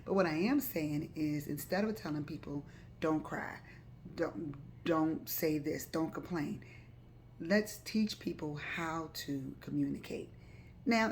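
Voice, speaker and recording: This live-stream host has a voice on the low side with a darkish tone, and there's slight background noise. She gives her viewers casual advice, chatting loosely, repeating words and dropping in fillers.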